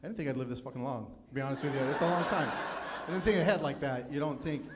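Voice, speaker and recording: A man's voice: medium pitch, quick pace, background noise. A man in his fifties doing a live stand-up comedy set, self-deprecating and chatting with the crowd. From Phoenix, USA. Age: 50s. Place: live comedy club with audience.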